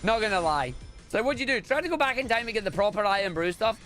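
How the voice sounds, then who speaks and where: Excitable Scottish man with a lively, high voice. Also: fast. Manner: excitable, jokey, bursts into loud exclamations. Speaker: speedrun streamer. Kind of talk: casual live-stream commentary. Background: game music.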